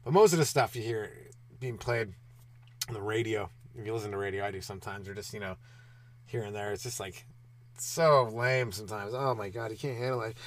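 A young man hosting his own comedy podcast, riffing and ranting alone with lots of swearing and quick mocking asides. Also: lowish voice. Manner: profane, riffing, mocking voices mid-rant. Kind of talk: rambling solo comedy podcast.

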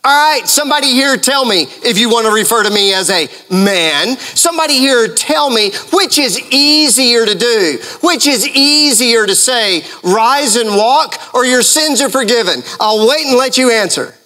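A man voicing a calm teacher who challenges his critics with pointed questions. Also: very high voice, moderate pace, few pauses, voice pushed up, full character voice. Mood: challenging.

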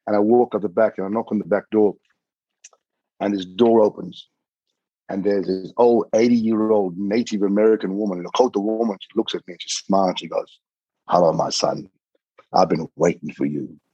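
A middle-aged man with a low, husky voice tells a long personal story in vivid detail, often repeating himself as he goes. The recording is dry and a bit muffled. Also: fairly even intonation, brisk, warm tone, no room sound. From Australia. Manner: vivid, repeats words, swears casually. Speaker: podcast guest.

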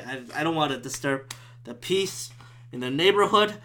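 Guy ranting solo on his podcast at home, swears a ton, rambly and fed up, bright edgy voice. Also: mid-range voice, lively intonation, normal speed. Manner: profane, rambling, exasperated. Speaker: podcaster and former stand-up comic. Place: room at home with the window open.

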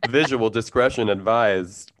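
A man's voice: fairly low pitch, a little slow, fairly bright tone. A man from Georgia in the US, hosting a podcast with friends in casual chat, with playful, theatrical asides. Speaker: podcast host.

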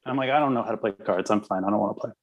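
A man on a podcast casually telling a funny story about his old band, animated and laughing as he goes. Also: on the low side, rapid-fire, breathy edge, low-quality recording. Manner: animated, laughing through anecdotes. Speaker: podcast guest, former band member.

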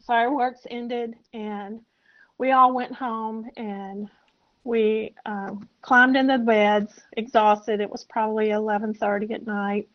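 A woman in her sixties from South Carolina, a podcast guest telling a personal story in a soft, halting, reflective way. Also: on the high side, flat delivery. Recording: muffled lo-fi audio.

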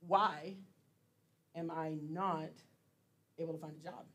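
A man's voice: on the high side, steady tone, slow pace, fairly bright tone. A man giving a casual sermon as pastor, chatty and laughing often, with plenty of fillers.

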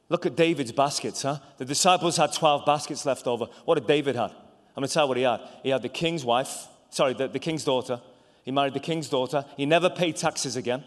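A man preaching a sermon as an evangelist, animated and stammering through restarts, swinging between loud bursts and hushed asides. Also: mid-range voice, fairly quick. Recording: long hall reverb.

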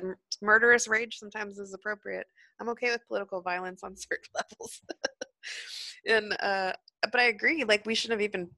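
A woman's voice: medium pitch, gravelly, sharp tone, dry recording. A young adult woman, a former prison teacher, telling blunt, profane stories in a casual podcast chat.

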